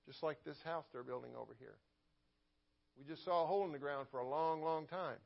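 A man's voice: a little high, brisk, gravelly, dull audio. A man preaching a sermon as pastor, in a conversational way, often repeating words and asking for an amen.

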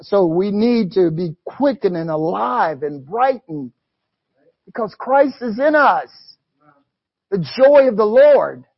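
A man's voice: sits high, lively intonation, takes it slowly, breathy edge. A man preaching a sermon, quoting scripture and dropping in frequent "amen" and "you know" asides. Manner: reads scripture aloud in a preaching cadence. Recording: dull lo-fi recording.

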